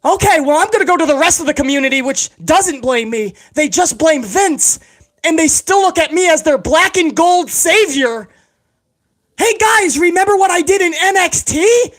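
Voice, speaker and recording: Squeaky, self-pitying male boss, as a man does a comedic impression of him, pleading and whining in a very high voice. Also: expressive, normal speed, a bit bright. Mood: whiny. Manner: whining, pleading, playing the victim. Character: whiny, self-pitying male wrestling executive.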